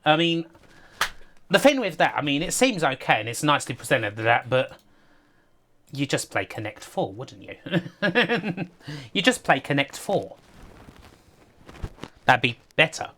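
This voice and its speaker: A woman's voice: sits low, very animated, a little slow, long pauses, fairly bright tone. A woman streaming retro games, chatting casually in a sardonic, sweary way and laughing often. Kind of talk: casual live commentary.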